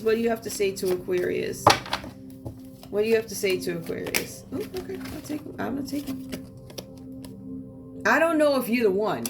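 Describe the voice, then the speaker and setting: A woman doing a tarot reading for viewers, talking in a sassy, outspoken way and asking the cards to speak. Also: medium pitch. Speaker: tarot reader. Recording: distant mic with loud music behind.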